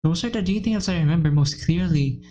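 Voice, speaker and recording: A woman reading aloud as a timid, anxious, self-blaming teenage girl in a visual novel game, in a low, mellow voice. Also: brisk, natural voice, low-quality recording. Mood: recounting.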